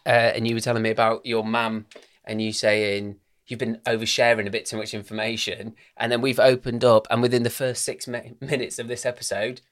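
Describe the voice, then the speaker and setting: A man's voice: medium pitch, little pitch movement, fairly quick. A man, co-hosting a podcast and teasing his co-host in joking banter. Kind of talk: casual chat.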